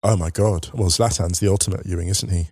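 A man's voice: deep voice, steady tone, fast, warm tone, husky, no echo, studio quality. A man co-hosting a casual football podcast, telling jokey stories and laughing often. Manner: laughs a lot, jokey storytelling. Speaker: podcast co-host. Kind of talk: casual chat.

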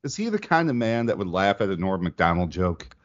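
A man co-hosting a podcast, dropping quick jokes into casual chat. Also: deep voice, big pitch swings, lo-fi sound. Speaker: podcast co-host.

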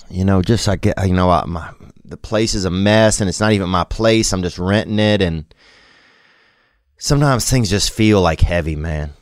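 A man speaking in a candid, rambling personal monologue, halting and vulnerable, with casual profane slang. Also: fairly low pitch, dry recording, studio quality.

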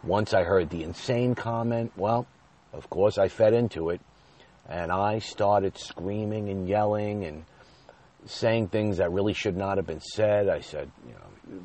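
A low-voiced man, husky and warm in tone, tells a long personal story in a confessional monologue. He rambles and circles back as he recalls what happened. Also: measured pace. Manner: candid, confessional, rambling retelling.

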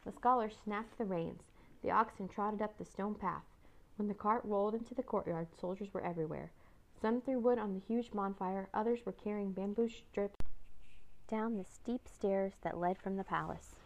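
A woman reading a children's chapter book aloud in a steady, measured way. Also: medium pitch. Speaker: narrator. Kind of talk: storybook read-aloud.

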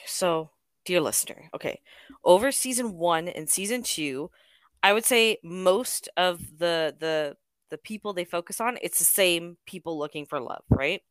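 A woman's voice: on the low side, a little slow, clear, resonant tone, dry recording, clean studio sound. A woman co-hosting a podcast, retelling a show in a chatty, giggly way. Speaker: podcast co-host. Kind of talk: casual podcast chat.

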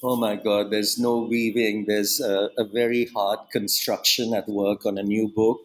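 A man's voice: on the low side, level tone, unhurried, poor audio. Reflective man talking about his book. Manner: reflective, many asides and restarts. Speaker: author being interviewed. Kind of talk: academic interview.

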